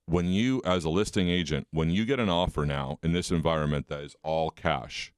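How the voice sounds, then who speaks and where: A man's voice: rumbling low, normal speed, clear, resonant tone, dry recording, studio quality. A man co-hosting a radio talk show, telling anecdotes in a rambling, conversational way. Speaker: radio show co-host, mortgage lender.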